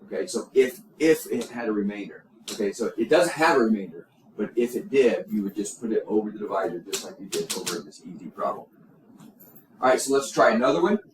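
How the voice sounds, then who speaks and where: A middle-aged math teacher gives an algebra lesson, emphatic and repetitive, with many fillers and restarts. His fairly low voice is brisk with lively intonation. The room is echoey, the mic distant, and there's a faint hum.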